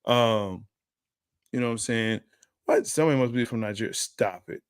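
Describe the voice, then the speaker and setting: A man's voice: mid-range voice, moderate pace, clear, resonant tone, dry recording, studio quality. A man co-hosting a sports show, in a casual, joking, trash-talking chat with laughs. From Dallas area. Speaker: sports podcast co-host.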